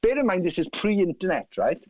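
A man from South Wales with a Welsh accent, telling animated, profane anecdotes and acting out other people's lines. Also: sits high, brisk, slight background noise. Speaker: guest musician. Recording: dry, slightly dull lo-fi sound.

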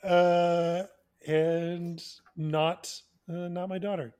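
A man's voice: high voice, level tone, extremely slow, a little mellow, clean tone. A man in his thirties co-hosting a podcast in casual chat, with a dry, teasing sense of humor. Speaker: podcast co-host.

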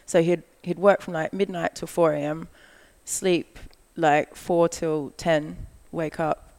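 A woman tells a long personal story as a podcast guest, her voice carrying a gravelly, creaky texture. She talks fast and loose, filling her speech with "like" and slipping into the voices of the people in the story. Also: deep voice. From Australia. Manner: animated storytelling, acts out quoted lines, frequent "like". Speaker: guest, model. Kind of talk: casual storytelling chat.

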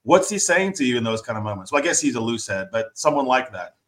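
A man of average pitch hosts a casual podcast interview. He asks long, loosely built questions, full of fillers and asides. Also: big pitch swings, fast talker, fairly bright tone. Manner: chatty, rambling questions with fillers. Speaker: podcast host.

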